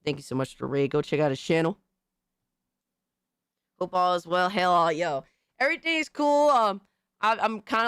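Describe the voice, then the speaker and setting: Hoarse, excitable male live streamer. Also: high-pitched, normal speed, pauses often, dry recording, studio quality. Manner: excitable, profane, shouting out viewers. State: hoarse, recovering from illness. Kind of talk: casual live-stream chat.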